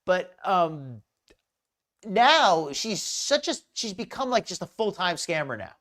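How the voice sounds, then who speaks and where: A woman's voice: on the low side, very animated, slow pace, a bit bright. Angry, sarcastic woman stream host. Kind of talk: live-stream reaction commentary.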